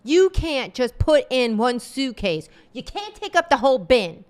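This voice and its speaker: Rude shrill passenger, as a woman quotes her: raised pitch, loud, insulting. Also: animated, fairly quick. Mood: angry scolding.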